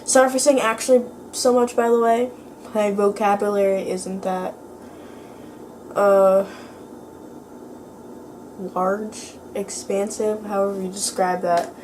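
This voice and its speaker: A teenage girl vlogging in a casual chat, her voice lowered by illness, rambling and filling her speech with "like". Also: steady tone, takes it slowly, pauses often, a little mellow, slight background noise. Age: teens. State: sick, voice lower than usual.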